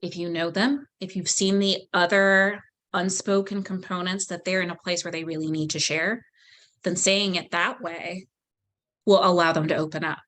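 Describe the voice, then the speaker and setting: A woman leading a volunteer training session, explaining calmly and acting out example phrasings. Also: on the low side, normal speed. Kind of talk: training lecture.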